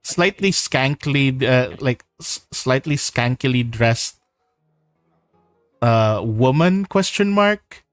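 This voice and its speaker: A man's voice: medium pitch, lively intonation, takes it slowly, clean tone, no echo, faint music behind. A man narrating a tabletop game as game master, casual and full of fillers.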